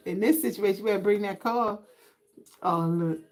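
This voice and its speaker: A sassy woman chats her way through a tarot reading on a casual livestream, speaking right to the audience with a natural, easy flow. She has a mid-range, darkish voice at normal speed, captured in a rough recording.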